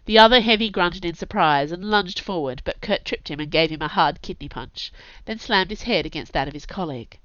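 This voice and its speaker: A woman narrating a fantasy audiobook in a steady, measured way. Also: lowish voice, no echo. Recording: dull lo-fi dry recording.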